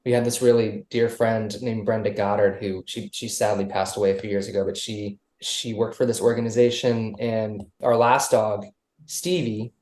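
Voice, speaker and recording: A man's voice: on the low side, flat delivery, moderate pace, darkish tone. A man guesting on a casual podcast, loose and rambling with many restarts. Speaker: musician guest. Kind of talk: casual interview chat. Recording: roomy echo.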